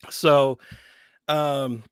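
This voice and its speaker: A man, a voice actor guest, chatting in an animated, playful way during an interview. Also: mid-range voice, drawn-out words, smooth, dry recording, clean studio sound. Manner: animated, laughing, playful storyteller. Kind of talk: casual interview chat.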